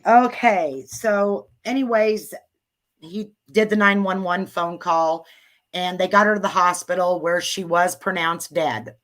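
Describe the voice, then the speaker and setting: Female host, low voice, unhurried chatty delivery, live-stream talk. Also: fairly bright tone. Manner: chatty, distracted by tech troubles. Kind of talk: casual livestream narration.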